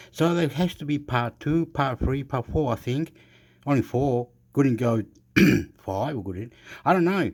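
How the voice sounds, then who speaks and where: A man's voice: mid-range voice, darkish tone. A man hosting his own channel in a rambling casual monologue, full of restarts and unfinished thoughts. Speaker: channel host.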